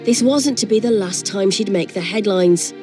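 A woman's voice: mid-range voice, normal speed, over music. Woman narrating a documentary.

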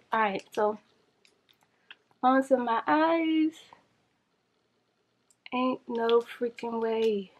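A woman chatting to viewers in a casual makeup challenge vlog, flustered and rushing against a timer. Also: on the high side, low-quality recording. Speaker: beauty vlogger.

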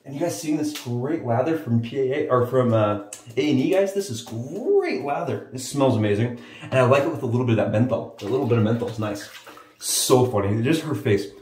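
A man's voice: medium pitch, animated, a little fast, a little mellow, a little hiss or hum. A man chatting enthusiastically to viewers while shaving his head, often calling them guys. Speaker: shaving vlogger. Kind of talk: casual chat to camera while head shaving. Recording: roomy echo, mic at a distance.

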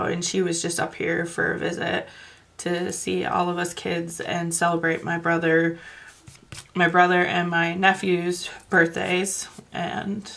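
Coloring-channel host, woman, lowish gravelly voice, unhurried rambling chat. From northern Wisconsin. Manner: rambling, chatty, with soft laughs and many fillers. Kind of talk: casual chat while coloring.

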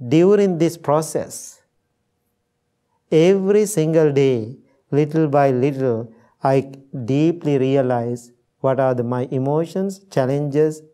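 A man's voice: mid-range voice, takes it slowly, mellow. A middle-aged Sri Lankan man, a Buddhist monk, giving a dharma talk to an audience and telling stories with acted-out quotes. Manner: storytelling with acted-out quotes, laughs easily.

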